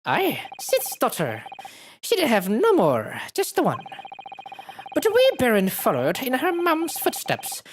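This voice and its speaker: A woman's voice: on the high side, huge pitch swings, measured pace, slight background noise, voice pushed up. A woman voicing a curt, grudging Scottish man with a put-on Scottish accent, reading his game lines in a clipped, grumbling way. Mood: gruff. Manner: clipped, grumbling dialect delivery.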